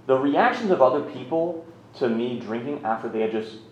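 A man's voice: mid-range voice, sing-song, moderate pace, slight background noise. A man in his thirties telling his own recovery story in a candid, rambling, self-mocking way. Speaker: speaker sharing a recovery story. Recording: roomy, slightly muffled recording.

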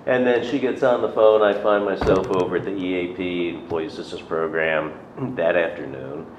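The deep, steady voice of a middle-aged man moves at a moderate pace as he recounts his recovery story. His delivery is conversational and self-deprecating, and he acts out whoever he's quoting. Expect a roomy, dull, lo-fi sound with faint noise.

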